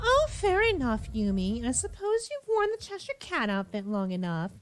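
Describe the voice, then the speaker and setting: A woman's voice: fairly high pitch, wildly swooping pitch, moderate pace, no echo. A woman hosting a let's play, commentating in a theatrical, mock-villainous, playful way. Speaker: gaming host.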